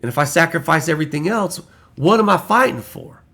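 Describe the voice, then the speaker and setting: A man's voice: a little high, animated, a little fast, bright, forceful tone. An American man giving a heated, profane, rambling political rant to camera. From United States. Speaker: political vlogger.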